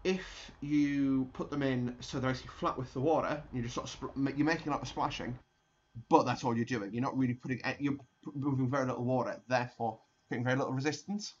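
Casual commentary from a young man playing a flight simulator: he chats, rambles, explains as he goes, laughs, and keeps restarting his sentences. He talks fast in a mid-range voice with a steady tone, and the high frequencies are cut off.

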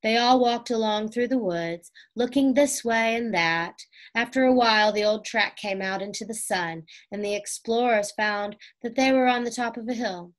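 A woman reading a children's chapter book aloud, calm, clear and measured. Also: a little high. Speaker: reader. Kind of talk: storybook read-aloud narration.

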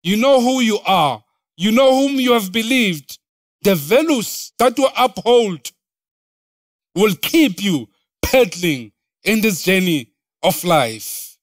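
A woman preaching a sermon, deliberate and repeating phrases for emphasis. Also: mid-range voice, lively intonation, no room sound, clean studio sound.

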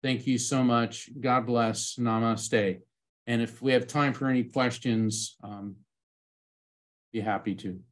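A middle-aged man speaking as a medium at a conference, telling a personal story with lively acted-out moments. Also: mid-range voice, slow. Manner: animated storyteller, acts out quoted voices.

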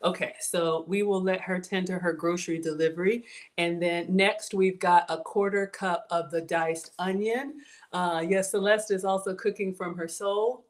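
A woman's voice: on the low side, steady tone, normal speed. A young woman from Georgia hosts a cooking livestream. She is bubbly and teacherly, walks viewers through each step and greets the chat. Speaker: cooking show host.

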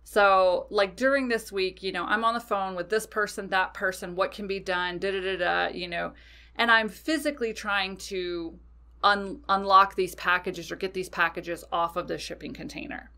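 A woman's voice: mid-range voice, steady tone, moderate pace, bright, forceful tone. A woman hosting a podcast, telling a personal story casually and animatedly, swearing freely. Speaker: podcast host.

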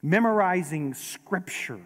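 A man preaching a sermon as pastor, conversational and gently humorous, in a large church sanctuary. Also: sits high, animated, slow pace. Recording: long reverb of a large hall.

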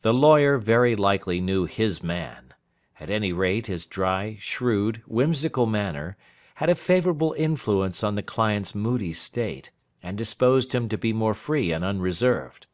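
Slow, expressive male storyteller. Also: fairly low pitch. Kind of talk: scripted narration for English learners.

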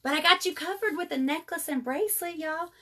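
A woman's voice: extremely high pitch, a little fast, pushed and bright. A woman, hosting a casual live jewelry sale and chatting to viewers. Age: 30s. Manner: chatty, addresses viewers as y'all. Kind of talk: casual live sales chat.

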